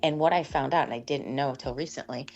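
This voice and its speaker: A woman's voice: extremely low pitch, quick pace, gravelly, highs cut off. A woman working as a sound practitioner, chatting in an interview and acting out dialogue as she tells stories. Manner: animated storyteller, acts out quoted dialogue. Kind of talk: casual interview talk.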